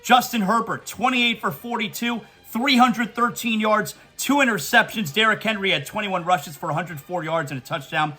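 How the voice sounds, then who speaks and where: A male sports talk host with a high, bright voice. He runs through results and then vents with emphatic, animated fan energy. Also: normal speed, few pauses, soft background music.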